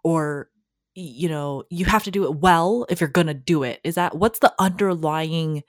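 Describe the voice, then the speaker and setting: Deep-voiced woman, thoughtful podcast co-host. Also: moderate pace, no room sound, clean studio sound. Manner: thoughtful and searching, with frequent "like" and restarts. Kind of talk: casual chat.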